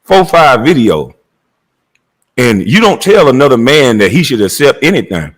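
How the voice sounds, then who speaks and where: A man's voice: medium pitch, big pitch swings, moderate pace, rough recording. A middle-aged man delivering a heated, blunt and profane monologue rant as a commentator.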